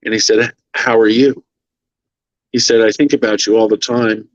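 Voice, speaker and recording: A man's voice: fairly low pitch, steady tone, normal speed, no room sound, lo-fi sound. A man telling an emotional story as a podcast guest, earnest and moved, quoting others in his own voice.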